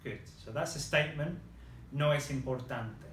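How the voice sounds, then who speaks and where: A man's voice: mid-range voice, moderate pace, fairly bright tone, reverberant, slight background noise. A man teaching a lesson, patiently modelling phrases and praising his student's answers. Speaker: language teacher.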